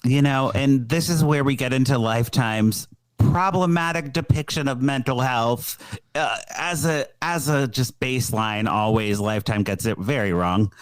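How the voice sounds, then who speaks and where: A man's voice: mid-range voice, moderate pace, clear, resonant tone, no echo. Man recapping a movie on a podcast. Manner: animated storyteller, acts out quotes. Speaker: podcast co-host.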